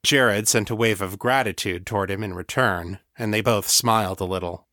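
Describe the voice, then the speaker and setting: A man reading an audiobook aloud in calm, measured scripted narration. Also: on the low side, no room sound, studio quality.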